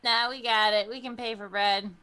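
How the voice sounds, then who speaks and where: A woman player in a tabletop game, with a higher, sharp and bright voice. She throws out wry, teasing remarks. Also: fairly even intonation, normal speed, clear, resonant tone. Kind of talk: casual tabletop role-play.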